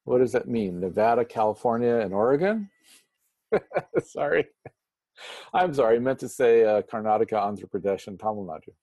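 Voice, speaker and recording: Man, spiritual teacher, mellow voice, slightly husky, dry close sound. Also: mid-range voice, lively intonation, no echo. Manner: slow, deliberate explanations with playful humor. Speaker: Vedanta teacher. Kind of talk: spiritual lecture explaining Sanskrit terms.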